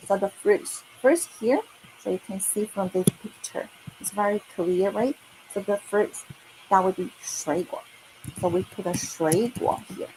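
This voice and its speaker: A woman gives an online lesson at an unhurried pace, saying each word carefully and asking whether the learner follows. Her voice sits mid-range in pitch, and a faint hum of room ambience runs behind her. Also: low-quality recording. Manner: patient, repeats words slowly with many okays. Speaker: Mandarin teacher.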